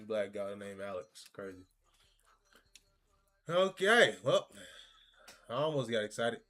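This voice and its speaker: Lively, slow-talking excitable man. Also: on the low side. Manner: excitable, laughing, slangy and profane; talks to the game and cards. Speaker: gaming video creator. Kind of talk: pack-opening commentary.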